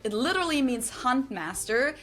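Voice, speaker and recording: A woman's voice: high-pitched, very animated, fairly bright tone. A woman from Germany with a German accent, narrating a scripted explainer and carefully repeating pronunciations. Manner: precise, instructive, repeats pronunciations slowly. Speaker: explainer in a clip being reacted to. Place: lives in the US.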